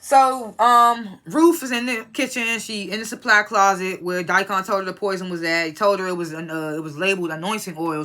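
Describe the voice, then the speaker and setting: Bright-voiced casual TV reviewer. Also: medium pitch. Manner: rambling, profane, incredulous asides. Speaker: TV episode reviewer.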